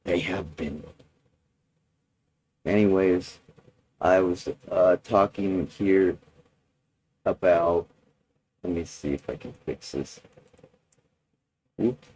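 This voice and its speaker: A man recording a personal video journal, talking in a halting, rambling way with many restarts and fillers. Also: deep voice, darkish tone, husky, low-quality recording.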